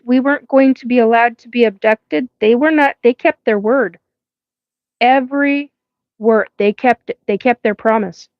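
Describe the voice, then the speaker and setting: A woman's voice: a little high, dry recording, dull audio. A woman hosting a live paranormal stream, telling a rambling story with swearing and frequent laughs. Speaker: host of a live paranormal show.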